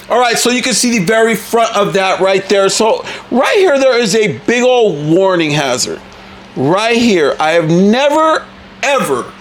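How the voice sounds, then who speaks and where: A man hosting an excited toy unboxing review, talking in a hyped, animated, casual way with some cussing. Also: high voice, slight background noise.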